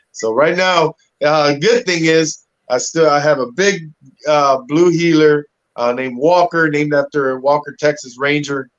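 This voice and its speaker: A man guest telling stories in a casual interview, animated, acting out the voices of people he quotes, talking through a webcam on a video call. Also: medium pitch. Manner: animated storyteller who acts out quoted voices. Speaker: actor guest. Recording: dull lo-fi audio.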